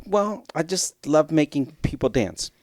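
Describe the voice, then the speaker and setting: A man's voice: on the high side, big pitch swings, measured pace, a little mellow, dry recording, clean studio sound. A man co-hosting a podcast in casual chat, playful and goofy. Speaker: podcast co-host.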